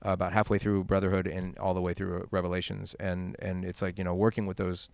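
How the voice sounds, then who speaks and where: A man voice actor being interviewed at a convention, telling stories in a quick, animated way with many restarts. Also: low voice, gravelly, clear, resonant tone, dry recording. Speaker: voice actor guest. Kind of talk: casual interview chat.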